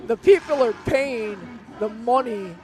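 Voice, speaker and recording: A man's voice: extremely high pitch, measured pace, darkish tone. A man co-commentating a demolition derby, emphatic and repeating his points. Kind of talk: live commentary chat.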